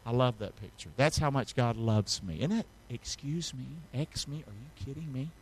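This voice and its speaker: A man preaching a sermon as pastor, calling the congregation to repeat after him and reading scripture aloud, moving between hushed, intimate lines and loud, rising passages. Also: medium pitch, animated, moderate pace. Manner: call-and-response preaching, swings from hushed to loud.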